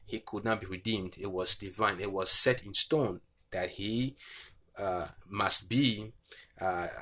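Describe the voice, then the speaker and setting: A man's voice: on the low side, pushed and bright. A male preacher giving a bible teaching, reading verses aloud and explaining them with frequent fillers. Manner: reads scripture aloud, frequent fillers and "okay".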